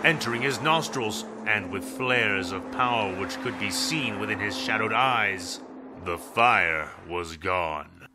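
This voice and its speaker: A man narrating a fan fiction audio story in a dramatic, measured reading. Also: low voice, bright, forceful tone, slight background noise. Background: background music.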